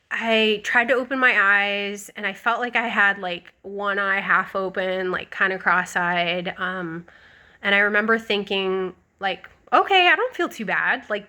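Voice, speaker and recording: A woman's voice: medium pitch, sharp tone. A young woman telling a personal story to the camera in a casual, rambling way, full of likes and ums. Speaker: vlogger.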